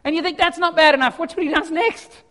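High-voiced man preaching in a hall. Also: fast talker. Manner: animated, swings from quiet reading to loud exclamations. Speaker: pastor. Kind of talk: sermon.

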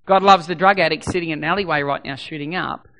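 Aussie pastor guy preaching, bright voice, keeps repeating lines, chatty and earnest. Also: on the high side, fast talker. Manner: earnest, conversational preaching with repetition. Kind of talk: sermon.

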